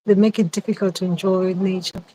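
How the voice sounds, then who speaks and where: A woman's voice: medium pitch, little pitch movement, warm tone, poor audio. Hesitant woman chatting live outdoors. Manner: hesitant and reflective, many pauses and repeated phrases. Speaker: spiritual advisor hosting a live chat. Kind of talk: casual livestream chat.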